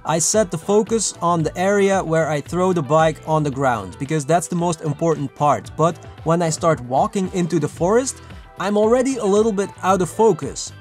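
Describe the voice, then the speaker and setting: Man, high voice, casual tutorial, chatty and self-mocking, faint music underneath. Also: moderate pace. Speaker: filmmaking vlogger. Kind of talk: casual tutorial talk to camera.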